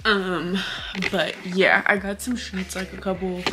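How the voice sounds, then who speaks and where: A woman's voice: mid-range voice, fairly even intonation, a little slow, noisy background. Chatty young woman vlogger, lots of fillers. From Hawaii. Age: 20s. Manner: chatty, filler-heavy, frank with casual swearing. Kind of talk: casual chat to camera.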